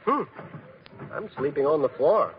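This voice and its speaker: A fearless young hero from an old radio play, cracking jokes in a breezy, slangy way. His voice sits high and swings widely in pitch. The recording is dull and hissy. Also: sing-song, measured pace. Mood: joking. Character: fearless cocky young man who can't be scared. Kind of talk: 1940s radio acting.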